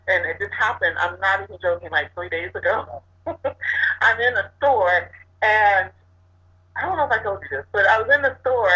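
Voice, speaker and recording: A woman talks casually as a co-host, telling a personal story with animation and laughter. Her voice is bright and forward, and the recording sounds dull and lo-fi. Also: medium pitch. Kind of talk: casual chat.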